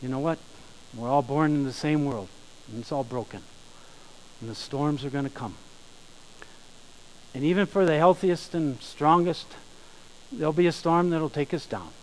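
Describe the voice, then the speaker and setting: A man preaching a sermon, emphatic, slowing down and rising in volume on key phrases. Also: on the high side, a little mellow, slight background noise, rough recording. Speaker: pastor.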